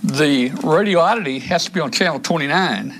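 A man's voice: on the high side, lively intonation, fairly quick, a bit bright, a little hiss or hum. A man hosting a casual live stream, rambling through radio settings with many restarts and fillers, a little out of breath. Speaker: show host demonstrating radios.

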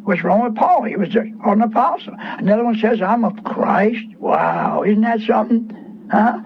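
A man's voice: high voice, expressive, normal speed, vocal fry, breathy edge. A man preaching a radio sermon, fervent and scolding, repeating phrases for emphasis. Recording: muffled radio broadcast with faint hiss.

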